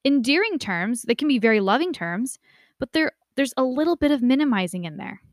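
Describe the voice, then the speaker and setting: Young woman teaching, chatty lecture style, kinda high voice, super dry close mic. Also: brisk, no echo. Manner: conversational, animated quoting of family voices. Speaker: instructor. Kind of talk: casual lecture.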